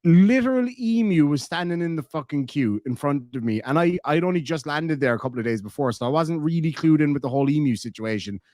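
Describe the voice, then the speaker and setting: A man's voice: fairly high pitch, expressive, fast, hardly any pauses, darkish tone, dry recording. Irish man, casual streamer, rambling and swearing, dry close mic. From Ireland. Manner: rambling storyteller, swears freely. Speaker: streamer reading chat. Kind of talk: casual chat.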